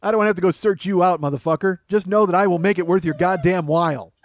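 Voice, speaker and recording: A man's voice: high voice, fast talker, slight background noise. A middle-aged man hosting a comedy podcast, rambling through a crude, profane, self-amused monologue.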